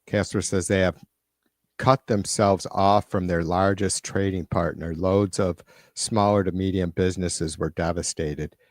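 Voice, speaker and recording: Reading out viewer comments on his live stream, a man vents in a casual rant, swearing a lot and sounding irritated. He talks a little slowly in a low, steady, darkish voice, picked up by a computer mic with studio quality and no echo.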